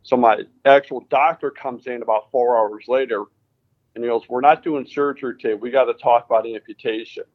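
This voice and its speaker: Muffled audio captures a brisk, mid-range male voice. The speaker, a Connecticut racing driver on as a guest, relates what happened in a casual interview, animatedly voicing the dialogue himself.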